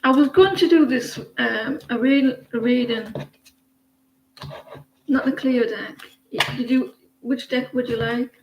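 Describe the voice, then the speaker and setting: A woman's voice: sits high, slow, long pauses, darkish tone, roomy sound, highs cut off, a little hiss or hum. A woman hosting a live tarot stream, chatting with viewers in a rambling way and often restarting her sentences.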